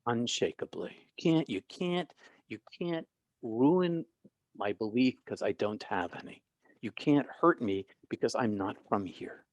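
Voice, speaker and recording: A middle-aged man telling a long personal story in an interview, animated, with many restarts and acted-out quotes. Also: medium pitch, measured pace, no room sound. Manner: animated, restarts often, acts out quoted people. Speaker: guest, author and former minister.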